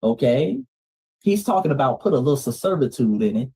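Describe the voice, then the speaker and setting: A man's voice: mid-range voice, sing-song, moderate pace, mellow, breathy edge, poor audio. A man from Atlanta with a Southern US accent, hosting a clip commentary stream in an emphatic, repetitive way that speaks straight to his audience. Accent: Southern US (Georgia). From Atlanta, Georgia, US. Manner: emphatic, repeats lines, calls out to the audience. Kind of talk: livestream commentary on clips.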